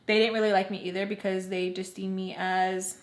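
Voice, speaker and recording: A young woman telling a personal story to her viewers in a loose, chatty way, full of "like" and quick quoted lines from others. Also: medium pitch, little pitch movement. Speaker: storytime vlogger. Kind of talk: casual storytelling. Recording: echoey room.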